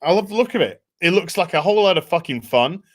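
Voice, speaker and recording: A British man hosting a casual live chat over a video call, excitable and sweary. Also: high-pitched, fast. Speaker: host.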